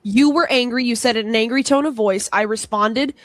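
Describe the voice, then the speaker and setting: A woman's voice: a little high, brisk, dry recording. A young woman arguing heatedly and swearing, confrontational and accusing. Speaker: guest in a heated debate. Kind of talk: angry argument.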